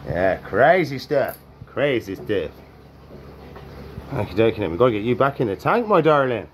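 A man's voice: mid-range voice, sing-song, normal speed, slight background noise. A man hosting a reptile-feeding vlog, chatting away and coaxing the animals in a sing-song voice. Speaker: reptile keeper and channel host. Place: indoors among reptile tanks.

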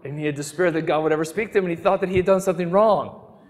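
A man's voice: on the high side, rapid-fire, in a large hall, a little hiss or hum. A middle-aged man giving an earnest, emphatic talk on prayer, telling stories as he teaches. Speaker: Catholic speaker. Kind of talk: sermon-style teaching talk.

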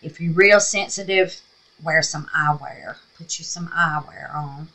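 Working in her home craft room with an air purifier, a Southern craft vlogger from Mississippi, USA, speaks in a deep, scratchy, pushed and bright voice, unhurried. She chats her way through a crafting tutorial, muttering to herself and calling her viewers babies.

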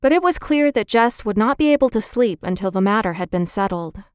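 A woman narrating a children's chapter book in a clear, gentle, expressive reading. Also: mid-range voice, fairly quick, no room sound. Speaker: audiobook narrator. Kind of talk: scripted storybook narration.

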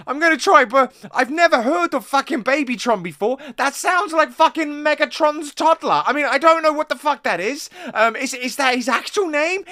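A reaction host talks in a hyper, rambling rush and swears nonstop. The voice is bright and forceful. It sits close to the mic in a dry space with no room sound. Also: high voice, no room sound. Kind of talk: excited reaction commentary.

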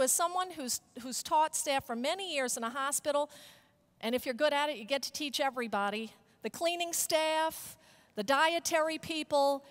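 High-voiced animated woman keynote speaker. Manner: animated storyteller, leads call-and-response chants. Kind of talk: audience-participation keynote. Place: conference hall stage.

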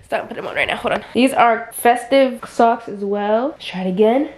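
A woman's voice: on the high side, normal speed, a little hiss or hum. A woman chatting casually to camera in her vlog as she gets ready at home, talking to herself along the way. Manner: chatty, talks to herself while getting ready. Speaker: vlogger. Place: at home indoors.

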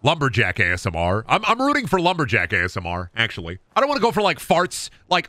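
A man's voice: medium pitch, wildly swooping pitch, fast, few pauses, bright, forceful tone, no room sound. A man in his thirties streaming a game, rambling and joking with lots of swearing. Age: 30s. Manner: rambling, profane, jokey. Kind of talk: casual gaming commentary.

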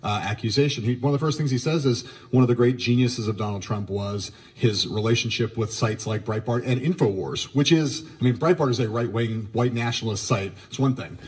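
A man hosting on television, speaking in a measured, explanatory way. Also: medium pitch, husky. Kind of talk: television commentary.

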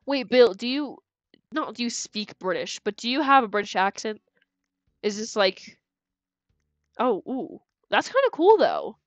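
A woman's voice: fairly high pitch, sing-song, measured pace, long pauses, dry recording. Chatty woman streamer thinking aloud. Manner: chatty, thinks aloud, giggly, with stuttered restarts. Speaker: game streamer. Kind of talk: live game-stream commentary.

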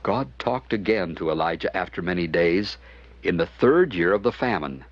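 A man giving scripted narration of a children's Bible story, expressive and animated. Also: deep voice, normal speed. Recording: dull lo-fi with music behind.

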